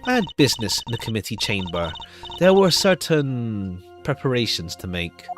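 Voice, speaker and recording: A man voicing a haughty, evasive accused official who speaks in a measured way, with music behind. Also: mid-range voice, big pitch swings, lightly acted. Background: background music.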